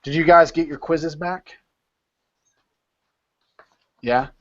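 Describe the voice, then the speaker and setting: A man's voice: fairly high pitch, takes it slowly, lo-fi sound. A man leading an informal study session over a video call, explaining step by step and repeating words as he thinks.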